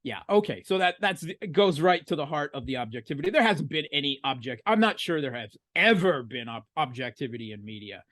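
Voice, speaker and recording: A middle-aged American man answering interview questions from home, halting with many fillers and restarts, his tone often sardonic. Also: a little high, lively intonation, a bit bright, no echo. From United States. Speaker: podcast guest, analyst. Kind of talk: casual interview talk.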